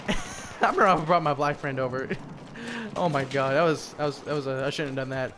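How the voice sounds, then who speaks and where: A young American man with a medium-pitched voice talks fairly quickly as a gaming commentator, delivering profane, rambling commentary that hops between topics with asides. The background is noisy, filled with game music and gunfire.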